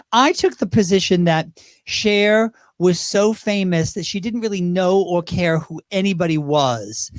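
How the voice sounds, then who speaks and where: A man chatting as a guest on a talk show, animated and chatty, with lots of restarts and asides. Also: fairly high pitch, dry recording, clean studio sound. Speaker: guest, drag performer. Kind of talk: casual interview chat.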